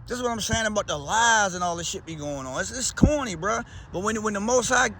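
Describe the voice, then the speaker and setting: Baltimore dude vlogging, talks a lot, real loose and slangy, high voice. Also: male voice, lively intonation, brisk, fairly bright tone, a little hiss or hum. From Baltimore, USA. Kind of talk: casual rambling chat.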